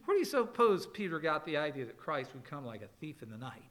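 Bright high-voiced male preacher. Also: sing-song, fast, slight background noise. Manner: expository preaching with Greek word study and personal stories; emphatic, with dramatic rises and soft asides. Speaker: pastor. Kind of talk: sermon.

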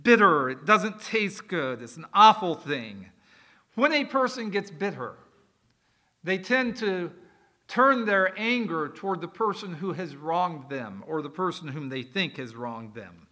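A pastor with a high-sitting, expressive, bright and forceful voice preaches a sermon at a measured pace. He explains words conversationally, dropping in folksy asides.

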